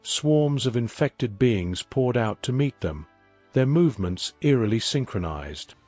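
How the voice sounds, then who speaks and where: A man giving a scripted story narration in a measured, even reading. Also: medium pitch, dry recording, faint music behind.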